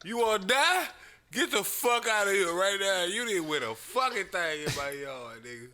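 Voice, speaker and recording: A man voices an angry older homeowner who shouts at trespassers to get off his yard. The voice sits high and swings widely in pitch, with a bright, forceful edge to every cursed order. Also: big pitch swings, moderate pace, faint music behind, heavily acted. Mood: furious. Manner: yelling, cursing, indignant.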